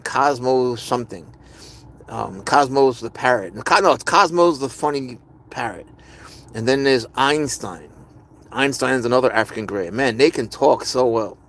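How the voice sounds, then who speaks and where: A man's voice: mid-range voice, a bit bright. Man rambling casually on a livestream. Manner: rambling, answers viewers' comments. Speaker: livestream host. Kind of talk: casual live-stream chat.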